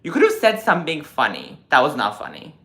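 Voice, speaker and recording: This fairly high-pitched man in his twenties moves briskly through viewer comments on a casual stream. He answers each one in an animated, lecture-like way, with lots of filler words.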